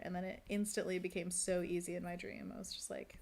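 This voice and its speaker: A woman's voice: on the low side, flat delivery, fast, creaky, a little mellow. A woman chatting casually while drawing on a live stream, rambling and laughing often, seated at a desk at home.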